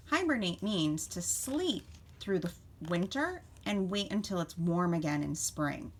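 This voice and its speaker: A woman teacher reads a picture book aloud for children with a very lively, sing-song pitch. She stops now and then to ask the children questions about what they see. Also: measured pace, breathy edge. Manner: expressive, asks children questions. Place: home.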